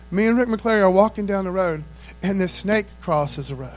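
Folksy high-voiced male preacher. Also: lively intonation, moderate pace. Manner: folksy, laughs often, says "man" a lot. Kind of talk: casual sermon.

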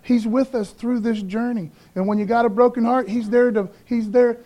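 A man's voice: very high-pitched, steady tone, normal speed, dull audio. A middle-aged male pastor preaching a sermon in a loose, conversational way, often tagging lines with "man" and "okay".

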